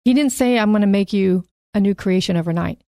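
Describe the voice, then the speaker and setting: A woman's voice: medium pitch, dark tone, dry recording, studio quality. Chatty woman leading a Bible study. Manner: chatty, laughs easily, reads scripture slowly. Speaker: podcast co-host. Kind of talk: casual Bible study chat.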